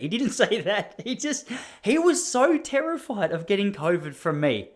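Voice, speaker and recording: A man's voice: high-pitched, sing-song, normal speed. An Australian man hosting a podcast, telling a story in a casual, ranting way with mock outrage. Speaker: podcast host.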